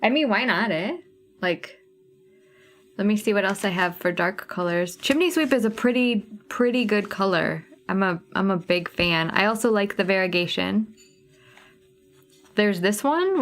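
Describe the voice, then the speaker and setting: Her mid-range voice is expressive and measured as she hosts a relaxed cross-stitch livestream. Sorting thread colors, she chats with her viewers and muses out loud.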